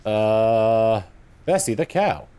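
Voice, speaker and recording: Streamer guy chatting over a game, lively voice, keeps tripping on words. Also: on the low side, very slow, clear, resonant tone. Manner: fumbling, reading along with game lines. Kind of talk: casual gaming commentary.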